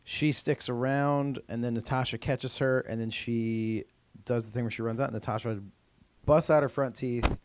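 A man's voice: mid-range voice, fairly even intonation, moderate pace, a little hiss or hum. Chatty man recapping with fillers. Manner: rambling with many fillers and restarts. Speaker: podcast co-host. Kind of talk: casual chat recapping a TV episode.

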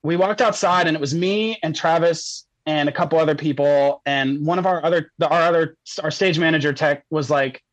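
A man's voice: a little high, fairly quick, hardly any pauses, dry recording, poor audio. A young man telling a story as a podcast guest, casual and rambling, laughing often and saying "like" a lot.

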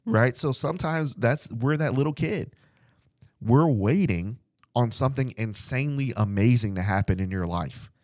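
A man's voice: medium pitch, lively intonation, normal speed, a little mellow, dry recording, studio quality. A young man hosting a Bible study podcast, preaching informally in a conversational and emphatic way that repeats its points. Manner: conversational, repetitive and emphatic, addresses "guys".

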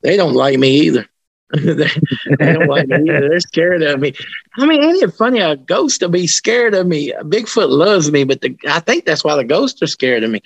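Gravelly man, rambling and animated. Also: fairly high pitch, moderate pace, no room sound, poor audio. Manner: rambling, with many restarts and colloquial grammar; animated when telling stories. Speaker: interviewee, paranormal investigator. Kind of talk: casual storytelling interview.

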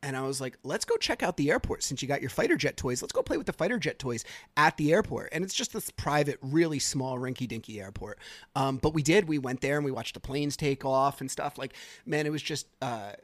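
A man's voice: mid-range voice, lively intonation, fairly quick, dry recording. A man hosting his own podcast, telling a personal story in a casual, rambling way with lots of fillers and restarts. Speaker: podcast host.

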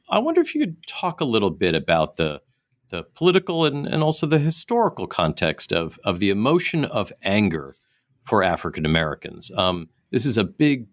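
A male interview host with a fairly low voice and a lively, swinging pitch. He asks long, halting questions with plenty of restarts, and the recording sounds dry and close. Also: no echo. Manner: hesitant, with many fillers and restarts.

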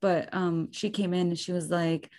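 Here a young woman co-hosting a podcast talks at normal speed in a fairly low voice. She's chatty and animated, telling stories casually and leaning heavily on "like."

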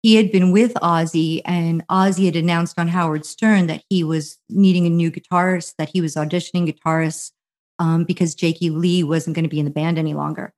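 A middle-aged woman from New Jersey telling a long story as a guest, animated and full of fillers, acting out other people's quotes. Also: lowish voice, a little fast. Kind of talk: casual anecdotal storytelling.

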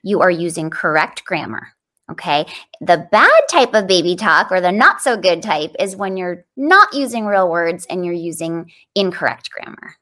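A woman's voice: fairly low pitch, moderate pace. A woman on a podcast explaining plainly and energetically how to teach toddlers new words. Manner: lively, explanatory, demonstrative.

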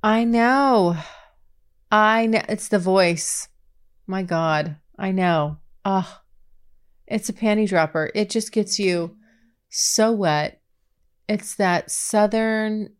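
A woman hosting a podcast, reading listener questions and answering them in a candid, chatty way, with breathy exclamations and frequent restarts. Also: mid-range voice. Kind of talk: casual chat.

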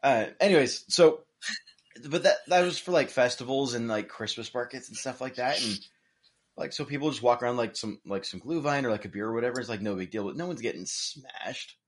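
A man co-hosting a podcast in casual chat, relaxed and often hesitating with ums. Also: mid-range voice, fairly quick. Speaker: podcast co-host.

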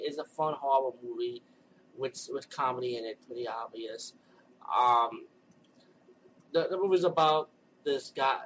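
A man's voice: medium pitch, fairly bright tone, a little hiss or hum, rough recording. A man giving a loose, rambling spoken review of a horror movie, talking casually with lots of restarts.

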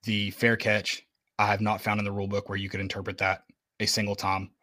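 Male podcast co-host, lower register, emphatic and exasperated. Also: monotone, a little fast, pushed and bright. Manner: frustrated venting, blunt and emphatic. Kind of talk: casual sports podcast chat.

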